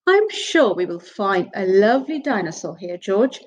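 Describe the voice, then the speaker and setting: Mummy Pig, as a woman reads her: a bright, kind mother pig. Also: mid-range voice, sing-song, moderate pace, highs cut off. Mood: reassuring. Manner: bright, reassuring.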